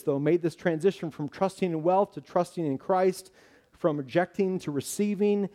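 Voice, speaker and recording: A man's voice: fairly high pitch, dark tone. A man preaching a sermon earnestly, rising with emphasis at key points.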